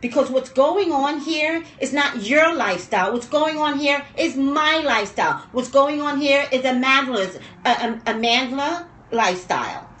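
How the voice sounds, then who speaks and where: A woman commentating on pop culture in a rambling, emotional livestream rant, dropping low and quiet when upset. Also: lively intonation, moderate pace, hardly any pauses, roomy sound, slight background noise.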